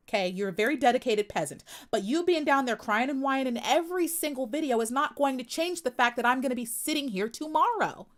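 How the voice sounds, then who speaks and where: A young American woman hosting a live stream talks back to critics in the chat, sassy and confrontational, repeating herself for emphasis. Her voice sits high and fairly bright, with lively intonation and a quick pace that leaves few pauses.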